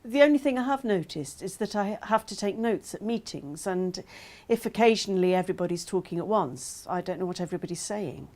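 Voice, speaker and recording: A woman's voice: medium pitch, lively intonation, brisk, darkish tone, lightly acted. An actress playing a chatty woman with mild hearing loss who talks about it frankly and with humour. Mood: candid. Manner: chatty, self-deprecating, laughing. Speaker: actor voicing a woman's testimony. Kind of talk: scripted testimony monologue.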